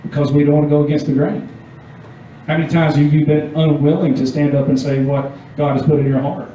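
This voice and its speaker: A man's voice: on the high side, flat delivery, fairly quick, dark tone, slight background noise. A man giving a youth sermon, reading scripture and asking the audience casual questions. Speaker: youth pastor. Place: church meeting room. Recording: echoey dull room sound from far off.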